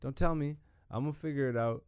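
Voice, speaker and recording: A man's voice: mid-range voice, fast talker. A young man hosting a casual comedy podcast from a small home studio, joking and riffing loosely. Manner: animated, joking, trails into bits and put-on voices. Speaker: podcast host.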